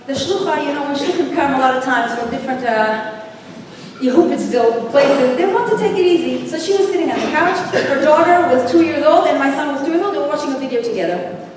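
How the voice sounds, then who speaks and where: A middle-aged woman giving an emotional talk to a women's audience, telling stories and swinging from hushed to loud. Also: high-pitched, animated, brisk, a little hiss or hum. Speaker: speaker at a women's event. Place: large hall. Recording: echoey hall from far off.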